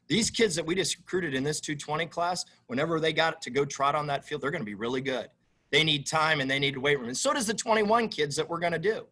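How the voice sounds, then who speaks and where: At a press conference, a head football coach responds to questions in an emphatic, animated manner that circles back on itself. He has a fairly high-pitched voice.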